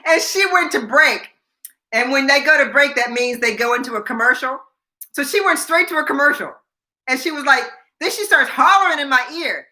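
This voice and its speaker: An older woman hosting a relaxed chat show. Her voice is bright and forceful, and she tells her stories with animation, putting on the voices of the people she quotes and laughing along the way. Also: sits high, normal speed, long pauses. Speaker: host. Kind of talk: casual storytelling chat.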